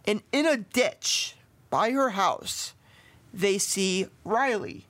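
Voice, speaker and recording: A man's voice: high voice, animated, slow pace, fairly bright tone. Podcast guy rambling thru a crime story, lots of uh and like, swears a bunch. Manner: rambling, profane, filler-heavy. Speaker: podcast host. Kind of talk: casual storytelling of a true case.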